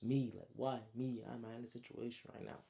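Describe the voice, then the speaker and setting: A man's voice: medium pitch, level tone, brisk, vocal fry, dark tone, slight background noise, close to an everyday voice. Dude playing a scared young guy, panicky, asking question after question. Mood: panicked. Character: panicked young man caught in chaos.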